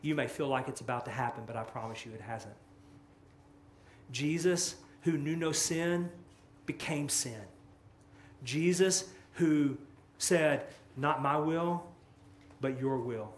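A man preaching a sermon as pastor, impassioned and swinging from loud, rising lines to hushed, low ones. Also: slow pace, long pauses, slight background noise. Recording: echoey room with faint ambience.

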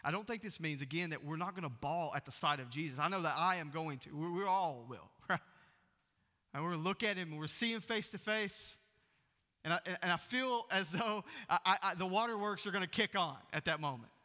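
Bright-voiced pastor preaching. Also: male voice, high-pitched, fairly quick, long reverb tail. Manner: swings from loud proclaiming to hushed near-whispers. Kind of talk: sermon.

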